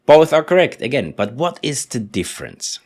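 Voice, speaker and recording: A man teaching in English, explaining patiently and slowly repeating example sentences. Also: mid-range voice, very animated, a little mellow. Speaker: German teacher. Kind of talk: language lesson explanation.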